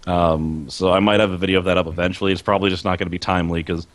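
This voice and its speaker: Casting note: deep-voiced male podcaster, loose rambling chat, dry close sound. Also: fairly even intonation, very fast, no echo. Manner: rambling, laughs mid-sentence, many "like" fillers. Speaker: podcast co-host and video creator.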